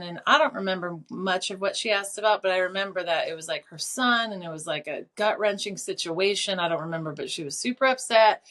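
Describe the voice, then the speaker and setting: A middle-aged woman telling her story as an interview guest, animated and casual, with lots of fillers and free swearing. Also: mid-range voice. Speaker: clairvoyant and teacher, guest.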